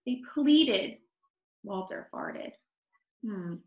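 A woman reading a picture book aloud to children, expressive, stopping to comment on the story. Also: mid-range voice, drawn-out words. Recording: echoey room.

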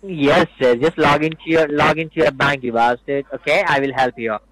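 Brief: man in his forties, pushy caller, slightly high voice, phone line. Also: fairly even intonation, a little fast, fairly bright tone, no room sound. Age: 40s. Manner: insistent, repeats instructions, turns rude. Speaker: scam caller. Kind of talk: phone scam call.

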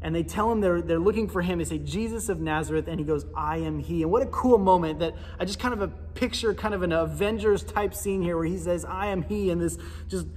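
A man preaching a sermon in a church, with a casual, animated storytelling manner. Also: sits high, a little fast, few pauses, long reverb tail. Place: church sanctuary.

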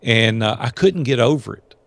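A middle-aged man, telling stories in a folksy, animated way as an interview guest. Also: medium pitch, moderate pace, gravelly, dry recording. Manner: folksy, animated storyteller acting out quotes. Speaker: podcast guest, entrepreneur. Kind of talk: storytelling in a casual interview.

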